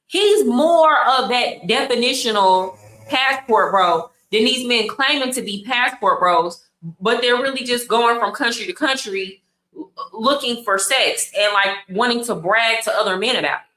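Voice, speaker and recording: A woman's voice: a little high, a little slow, sharp tone, roomy sound, rough recording. A woman, hosting casual commentary in a blunt, exasperated way and repeating her points for emphasis. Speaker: commentary host.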